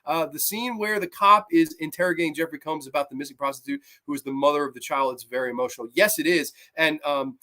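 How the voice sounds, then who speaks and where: A man with a slightly higher-pitched voice hosts a casual live-streamed horror review. He talks excitedly, swears freely and fills his sentences with "um" and "you know". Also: quick pace, few pauses. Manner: excitable, profane, full of fillers. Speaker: horror movie reviewer and show host.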